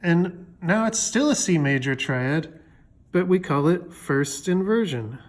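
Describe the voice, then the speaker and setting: A man's voice: on the high side, animated, unhurried. A man teaching music theory in a loose, chatty way, with fillers and jokey asides. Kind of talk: casual explanatory lesson.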